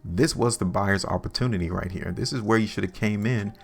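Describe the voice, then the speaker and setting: A man's voice: lowish voice, a little fast, vocal fry. A man hosting a stock market video, lecturing viewers over his charts with emphatic, repetitive talk. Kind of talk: chart analysis commentary.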